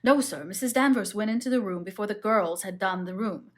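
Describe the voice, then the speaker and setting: A woman voices a solemn old butler in a storybook reading, stiff and formal. His lines are deferential and measured, and they end low and respectful. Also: close to an everyday voice.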